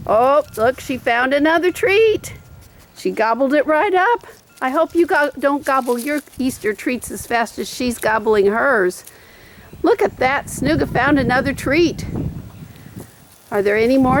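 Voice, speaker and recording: A woman's voice: high voice, lively intonation, measured pace, a little hiss or hum. A woman, a preschool teacher, speaking in a video message to her preschoolers and coaxing her pet dog in a sing-song way.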